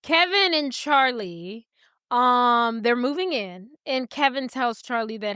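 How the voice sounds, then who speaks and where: A woman with a high, bright voice retells a film scene by scene, slipping into the characters' lines as she goes. Her tone is smooth and clear, recorded close and dry with no room sound. The delivery is casual podcast chat. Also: takes it slowly, dry recording. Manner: animated storytelling, acting out characters' lines. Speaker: podcast co-host. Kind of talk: casual movie recap chat.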